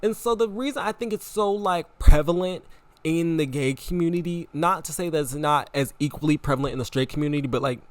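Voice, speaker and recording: A young man hosting a podcast, talking in a casual, animated, repetitive way with frequent laughter. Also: fairly high pitch, brisk, dry recording. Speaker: podcast host. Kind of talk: casual opinion monologue.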